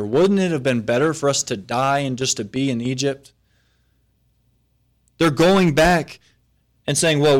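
A man preaching a sermon to his congregation. He reads scripture aloud, then retells it in plain, everyday talk, and his voice swings from loud to very soft. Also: medium pitch. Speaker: pastor.

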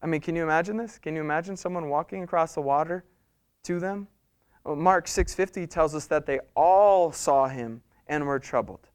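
A man preaching a sermon, telling the story with animated swings between soft, intimate passages and loud, urgent ones. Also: fairly high pitch, moderate pace, clean tone. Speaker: pastor.

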